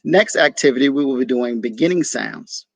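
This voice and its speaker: A man teaching young children a phonics lesson, sounding out letters slowly and patiently and praising their answers. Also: medium pitch, lively intonation, vocal fry, no echo.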